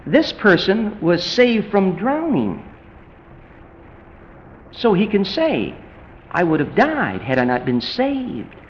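Brief: male preacher, high and swooping delivery, emphatic, faint room hiss behind. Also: slow, long pauses, highs cut off. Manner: animated, rising to emphatic peaks, mimics voices for illustration. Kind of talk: sermon.

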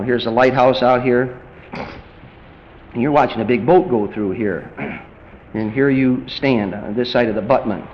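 A man preaching a sermon, animated and rising to emphatic peaks as he drives his points home. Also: mid-range voice, highs cut off, slight background noise.

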